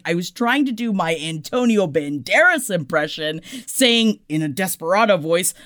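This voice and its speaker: A foul-mouthed woman co-hosts a gossip podcast at an ordinary mid pitch. She talks in a chatty, casual way. Her voice jumps from loud bursts to quiet asides. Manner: chatty and profane, swings between loud and soft. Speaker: podcast co-host. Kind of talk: casual pop-culture chat.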